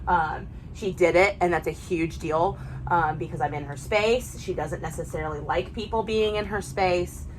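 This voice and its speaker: A young woman dog trainer, explaining her session in a calm, soft-spoken way between gentle praise for the dogs. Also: fairly low pitch, moderate pace, a little hiss or hum, rough recording.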